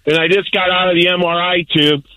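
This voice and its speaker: Older caller, boisterous rambler, high voice with a bright edge, dry sound. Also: male voice, flat delivery, fairly quick, no room sound, low-quality recording. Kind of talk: call-in radio chat.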